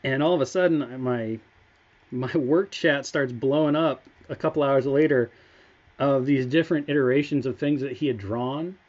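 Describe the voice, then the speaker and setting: Man, mid-pitched, enthusiastic casual livestream host, slightly muffled sound. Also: moderate pace, darkish tone. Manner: enthusiastic, chatty storytelling. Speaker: game studio staff member.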